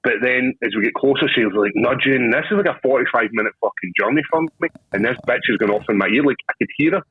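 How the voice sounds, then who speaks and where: A man's voice: medium pitch, expressive, fast, husky, no echo, narrow, tinny audio. A Scottish man co-hosting a podcast, telling profane, rowdy stories and laughing as he goes. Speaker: podcast co-host. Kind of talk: casual chat.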